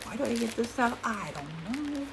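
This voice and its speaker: A middle-aged woman, chatting casually through a haul video at home, rambling and goofy, sometimes talking quietly. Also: fairly high pitch, very animated, normal speed, gravelly, very noisy. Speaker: vlogger. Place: home room, indoors.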